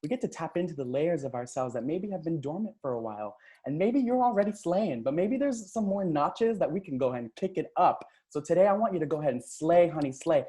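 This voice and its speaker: A man leading a live online coaching session, upbeat and hyping up the chat with cheers and quick shout-outs, talking into a computer mic on a video call. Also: on the high side, lively intonation. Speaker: transformational coach.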